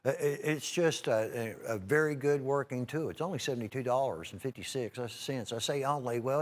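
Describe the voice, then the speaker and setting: With a drawl and a mid-range voice, a man sells knives on a live home-shopping show, chatty and rambling. He keeps addressing "folks," sprinkles in plenty of "uh"s and restarts, and clears his throat from time to time.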